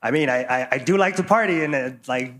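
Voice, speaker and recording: A man's voice: medium pitch, fast, fairly bright tone. A young man, a fighter, answering at a press conference in a loose, rambling way with lots of fillers and laughs.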